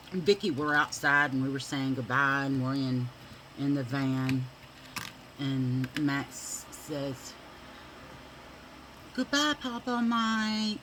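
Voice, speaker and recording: A woman's voice: extremely low pitch, fairly bright tone, a little hiss or hum, low-quality recording. A woman telling rambling stories while doing her makeup at home. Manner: chatty, rambling, with many fillers. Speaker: makeup vlogger.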